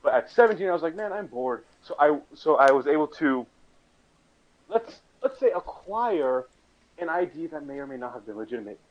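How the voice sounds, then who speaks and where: A man's voice: on the high side, big pitch swings, moderate pace, lo-fi sound. A young man on a casual podcast chat, telling a story in a joking, rambling way and restarting his sentences. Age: young adult.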